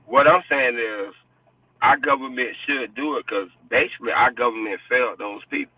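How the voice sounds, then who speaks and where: A man's voice: mid-range voice, moderate pace, husky, no echo. Blunt, profane man arguing hard. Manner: blunt and profane, insistent, repeats himself. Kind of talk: heated casual debate. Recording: distant, dry, phone-like sound.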